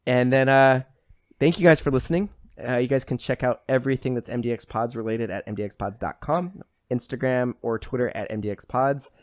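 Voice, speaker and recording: A man's voice: medium pitch, a little fast, no echo, clean studio sound. Casual rambling male podcast host. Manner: rambling, swears casually, frequent "like". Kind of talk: casual chat.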